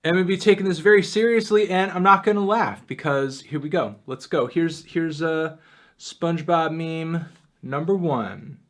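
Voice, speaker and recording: A man doing a jokey try-not-to-laugh challenge commentary, excitable, breaking into yelps and shouted laughs. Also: fairly high pitch, moderate pace. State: in pain from a self-inflicted penalty. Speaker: YouTuber.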